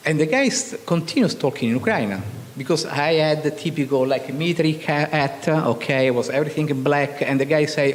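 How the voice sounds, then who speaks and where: A middle-aged Italian man with an Italian accent, giving an informal artist talk to an audience. He speaks haltingly, restarts often and keeps asking "okay?". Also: fairly high pitch. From Italy. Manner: halting, full of restarts and repeated "okay?" checks. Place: lecture hall. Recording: distant hall reverb with faint background noise.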